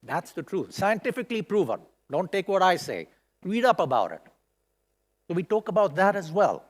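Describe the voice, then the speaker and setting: Animated man giving a keynote speech. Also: high voice, moderate pace. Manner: expressive, emotional, rhetorical questions. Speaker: keynote speaker. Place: large hall at a school event.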